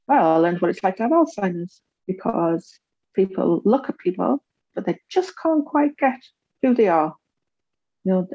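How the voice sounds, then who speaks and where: A woman in her forties, an interview guest candidly telling her life story and acting out the voices of others with big pitch jumps. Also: breathy edge, dry recording, dull audio.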